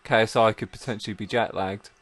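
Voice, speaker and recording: A man's voice: lowish voice, fairly even intonation, quick pace. Playful, quizzical man. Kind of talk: casual chat watching a boxing match.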